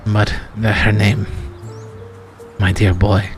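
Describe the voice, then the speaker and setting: A man voicing an elderly gentleman schemer in a roleplay game, who talks in a slow, measured way with many hesitations. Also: lowish voice, monotone, faint music behind, voice pushed down. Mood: conspiratorial. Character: elderly gentleman schemer, calls others "my boy". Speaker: roleplay character. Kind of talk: in-character roleplay dialogue.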